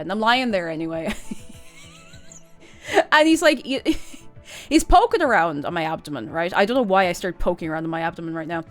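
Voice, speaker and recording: A woman's voice: on the low side, animated, a little fast, pauses often, faint music behind. An Irish woman streamer chatting casually and telling a story, laughing often and rambling through asides.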